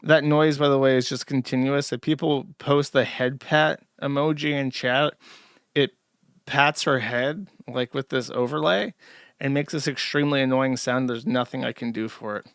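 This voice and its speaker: A man's voice: mid-range voice, fairly even intonation, normal speed, clear, resonant tone, no room sound, clean studio sound. A man giving sarcastic, mocking livestream commentary as host. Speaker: commentary streamer.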